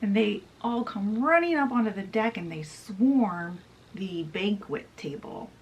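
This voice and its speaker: A woman's voice: medium pitch, expressive, measured pace, poor audio. A woman hosting a book channel, summarizing a novel in a chatty retelling style full of casual asides.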